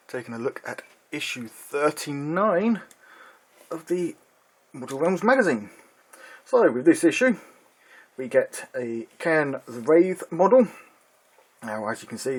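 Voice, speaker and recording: Chatty man reviewing a hobby magazine. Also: mid-range voice. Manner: relaxed, chatty, frequent ums and uhs. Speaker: miniatures hobby channel host. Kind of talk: casual product review.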